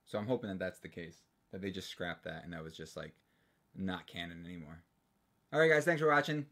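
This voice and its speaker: Livestream co-host, male, low voice, loose and rambling banter. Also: animated, fairly quick, fairly bright tone. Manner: rambling, joking, frequent restarts. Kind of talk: casual live stream chat.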